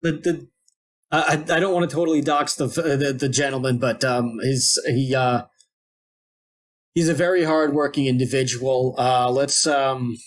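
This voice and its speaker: A man's voice: mid-range voice, fairly even intonation, moderate pace. Rambling man telling a long story. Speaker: podcast co-host. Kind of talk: casual podcast chat.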